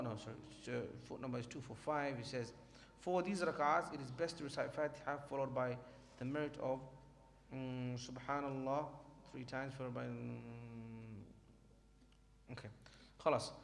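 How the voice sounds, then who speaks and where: A man teaching a class on prayer, explaining each point and reading from a textbook in a reassuring way. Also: a little high. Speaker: Islamic studies teacher. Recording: long hall reverb, faint background noise.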